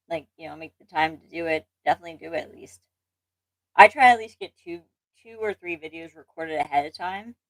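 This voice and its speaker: A woman's voice: fairly low pitch, dry recording, low-quality recording. A young woman hosting a casual livestream chat, rambling and self-deprecating, with restarts, laughs and an occasional allergy cough. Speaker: channel host.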